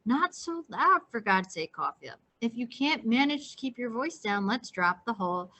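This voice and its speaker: A woman's voice: fairly high pitch, big pitch swings, normal speed, pushed and bright, exaggerated voice. A woman reading a novel aloud, voicing a condescending, impatient young know-it-all who answers curtly and dismissively. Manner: curt, dismissive.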